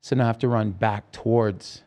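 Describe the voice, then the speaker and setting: A man's voice: fairly low pitch, steady tone, moderate pace, darkish tone. Man, interview storytelling, urgent vivid retelling, acted-out quotes, restarts. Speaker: podcast host telling his story as a guest.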